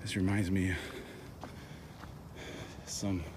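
A man filming himself on a wooded trail at night, nervous and swearing in hushed tones, out of breath, recorded on his camera rig mic. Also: sits low, level tone, slow, background noise. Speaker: vlogger. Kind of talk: night walk vlog. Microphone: camera rig mic, handheld.

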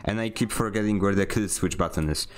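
A young man with a lowish voice talks fast while streaming a game casually, barking short voice commands. He comes across as sarcastic and easily annoyed.

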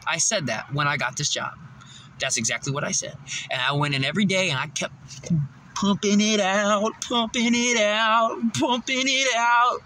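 A man's voice: on the high side, bright, forceful tone, slight background noise, poor audio. A man telling a rambling, profane story in a casual vlog, out of breath and laughing often. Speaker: vlogger.

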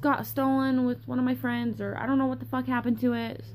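A woman's voice: sits high, flat delivery, fairly quick, noisy background. A young woman vlogging in a casual rambling way, tired from lack of sleep, swearing often and losing her train of thought. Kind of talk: casual rambling vlog chat.

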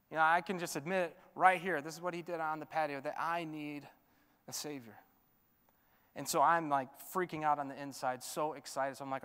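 A man preaching a sermon as pastor, swinging from loud urging to a soft hush. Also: on the high side, steady tone, brisk, clear, resonant tone, in a large hall. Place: church sanctuary.

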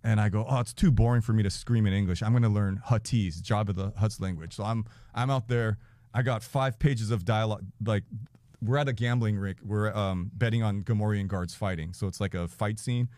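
This podcast guest in his forties has a fairly low voice and talks a little fast, captured with clean, dry studio sound. Chatting casually, he tells an animated, profane story, laughing frequently and acting out what people said.

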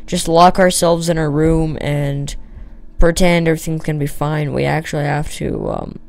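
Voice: medium pitch, fairly even intonation, moderate pace, gravelly. A gamer giving casual, rambling commentary while building in a block game, with lots of fillers and self-talk. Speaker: Minecraft let's player.

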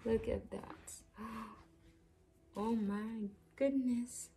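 A woman from the Philippines filming a casual unboxing vlog, gushing with excited exclamations. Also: on the high side, takes it slowly, a little hiss or hum. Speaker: vlogger.

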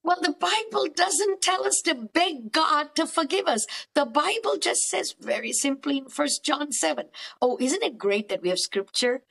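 A woman therapist speaks with a high, bright-toned voice. She is lively and emphatic, and she keeps slipping into acted-out dialogues while discussing faith and healing in a podcast conversation. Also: moderate pace, creaky. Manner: animated, emphatic, acts out quoted dialogues. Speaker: cognitive therapist, podcast guest. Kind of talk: faith-based counselling conversation.

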